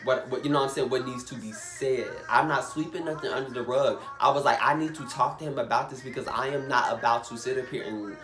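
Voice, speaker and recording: A man's voice: medium pitch, fairly bright tone. A young man vents his frustration in a casual storytime, swearing freely and hammering the same points again and again. His voice sits in the middle of the range. The room gives it a roomy echo, with faint music behind. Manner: emphatic, swears, repeats himself. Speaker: vlogger.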